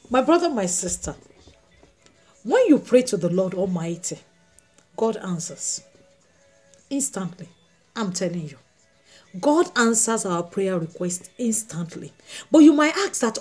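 Emphatic woman evangelist, raised pitch. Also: expressive, normal speed, a little mellow, soft background music. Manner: emphatic, repeats phrases, addresses the congregation directly. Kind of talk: sermon.

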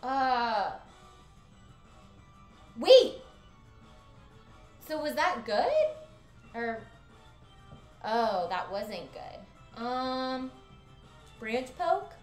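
Bubbly high-voiced woman streamer, squealing. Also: very slow, pauses often, reverberant, faint music behind. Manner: excitable, giggly, swings to loud squeals. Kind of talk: casual gameplay commentary.

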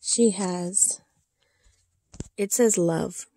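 Soft-spoken woman with a gravelly voice. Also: lowish voice. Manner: soft-spoken, often drops to a whisper, halting with pauses. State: emotional, holding back tears. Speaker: reborn doll collector showing her dolls. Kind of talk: casual show-and-tell vlog.

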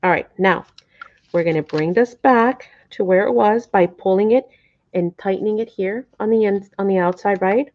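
Speaking at a moderate pace in a medium pitch, a middle-aged woman leads a live craft tutorial. She's talkative and slightly flustered, often asking after her viewers, and keeps apologizing because the camera framing throws her. The audio sounds dull and lo-fi.

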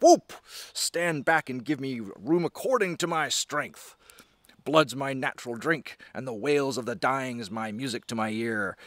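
A man voicing a loud, bragging male river raftsman who boasts in a booming, declamatory way. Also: dry recording.

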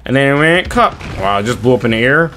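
A man streaming an online shooter, trolling players in voice chat with mock-prim, deadpan scolding and bursts of loud mockery. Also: medium pitch, fast, a little hiss or hum.

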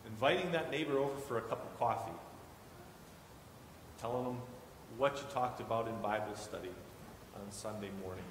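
A man in his thirties preaching a sermon as guest preacher, telling family stories with animated quoted voices. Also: mid-range voice, normal speed, long pauses, a little hiss or hum. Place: church sanctuary. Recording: echoey hall with long reverb.

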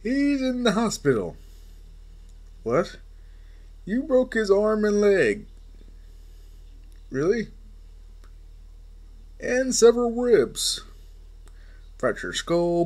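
A man's voice: on the high side, big pitch swings, slow pace, long pauses, voice pushed up. A man voicing a stern older male superhero mentor in a fan story, scolding and blunt.

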